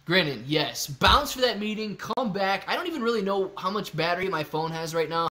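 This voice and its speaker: A man hosting a casual live stream, chatty and excitable, talking straight to his viewers. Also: high voice, normal speed. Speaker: livestream host.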